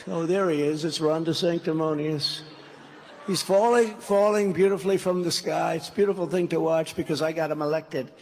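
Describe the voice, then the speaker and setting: A man's voice: a little high, moderate pace, darkish tone. A man giving a rambling, off-script campaign speech at a large rally, acting out dialogue as he goes. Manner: rambling, repetitive, acts out dialogue. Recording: long reverb of a big hall.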